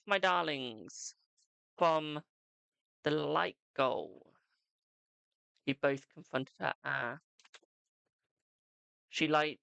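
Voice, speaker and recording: A man's voice: fairly high pitch, creaky, pushed and bright, clean tone, no echo. A man with a British accent giving live-stream tarot readings in a chatty way, calling viewers "my darling". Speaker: tarot reader.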